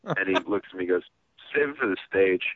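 Deep-voiced guy on a tinny phone line, rambling funny stories, dry sound. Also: animated, quick pace, dry recording. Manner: rambling, self-deprecating, acts out quoted voices. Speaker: comedian guest. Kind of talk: casual interview storytelling.

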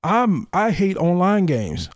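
A man's voice: high-pitched, wildly swooping pitch, takes it slowly, no room sound, clean studio sound. Blunt, argumentative male podcast host. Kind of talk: casual podcast chat reviewing a game.

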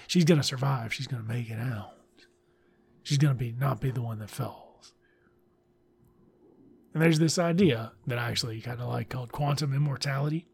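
A man's voice: medium pitch, vocal fry, darkish tone, breathy edge. A man reviewing a book in casual commentary, blunt and sarcastic, swearing freely.

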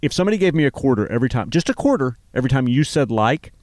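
A man co-hosts a radio show, teasing and joking in relaxed banter. His pitch sits in the middle but moves lively up and down. The mic is close and dry. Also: very fast, no room sound. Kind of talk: casual banter. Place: mobile studio in a vehicle.

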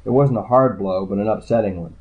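A man narrating a hardboiled crime story in the first person, with a dry, low-key delivery. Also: a little fast. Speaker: audiobook narrator. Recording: tinny phone-like sound.

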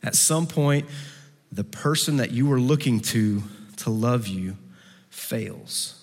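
A man preaching a sermon who acts out quoted voices and moves between soft, low passages and lively, raised ones. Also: takes it slowly. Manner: acts out quoted voices with big pitch swings. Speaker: pastor. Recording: long hall reverb.

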